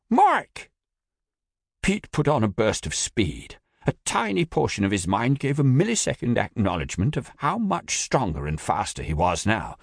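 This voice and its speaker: Low husky male narrator, audiobook, very lively pitch. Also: no echo, studio quality.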